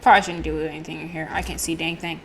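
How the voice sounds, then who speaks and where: A woman's voice: low-pitched, little pitch movement, rapid-fire, vocal fry, background noise. A woman hosting a let's play, commenting casually and thinking aloud as she works through a game. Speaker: gaming channel host.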